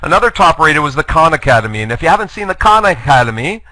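A man's voice: on the high side, very animated, fast, bright, forceful tone, no echo, poor audio. A man giving a live online lecture, jokey and self-deprecating, rallying the audience to take part. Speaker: guest lecturer. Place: online webinar.

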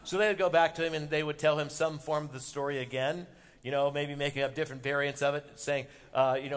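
A fairly high-voiced man preaching a sermon to his congregation, swelling to loud, impassioned emphasis and then dropping back down. His voice carries a long reverb tail through a large church sanctuary. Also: steady tone, fast talker. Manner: impassioned, rising loud on the father's words. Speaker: pastor.

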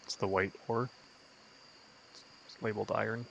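A man's voice: lowish voice, flat delivery, moderate pace, vocal fry, muffled recording, a little hiss or hum. A man patiently explaining how the farming game works to a fellow player in casual chat. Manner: patient, explains game steps, laughs easily. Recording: game music behind.

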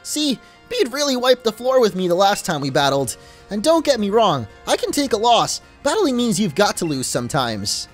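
A man's voice: sits high, very animated, moderate pace, soft background music, voice pushed up. A man voicing an earnest teenage boy rival trainer with a light put-on British accent and an eager, heartfelt way of talking. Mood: downcast.

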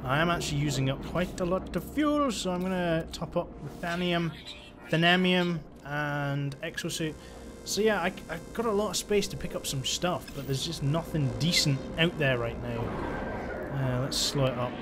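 A man's voice: fairly high pitch, lively intonation, normal speed, noisy background. A young man giving chatty, exasperated let's-play commentary as he plays, talking to himself. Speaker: gaming channel host.

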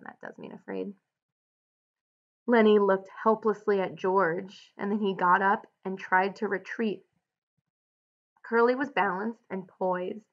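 Woman teacher, read-aloud with clear explanatory annotations, slightly muffled recording. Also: mid-range voice, sharp tone.

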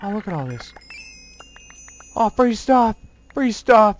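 A gamer giving let's play commentary, excitable and self-mocking, full of exclamations and whining at the game. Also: mid-range voice, slow pace, dry recording.

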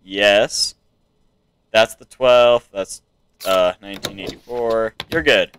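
A man's voice: lowish voice, slow, a bit bright, slight background noise. An American man casually commenting to himself while playing a video game. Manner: musing, talking to himself. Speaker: gamer. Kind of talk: let's play commentary.

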